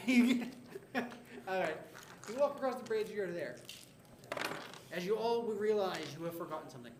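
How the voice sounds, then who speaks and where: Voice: mid-range voice, animated, moderate pace, pauses often. A game master narrating a homebrew tabletop game, joking and laughing often. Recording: echoey room with background noise.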